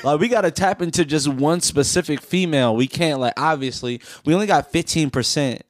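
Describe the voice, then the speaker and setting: A man's voice: on the high side, fairly quick, no echo. A man co-hosting a podcast in casual chat, joking, teasing and swearing a lot. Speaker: podcast co-host.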